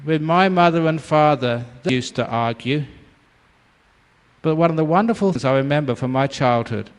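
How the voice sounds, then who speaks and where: An older man from England gives a relaxed dharma talk. His voice sits a little high, and he laughs often as he tells stories. The sound carries the long reverb of a large hall. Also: normal speed, clear, resonant tone. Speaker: meditation teacher.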